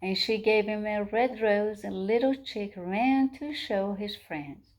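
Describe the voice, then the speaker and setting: A woman teacher reading a picture book aloud to young children, gentle and slow, with asides to them. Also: mid-range voice. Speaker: preschool teacher.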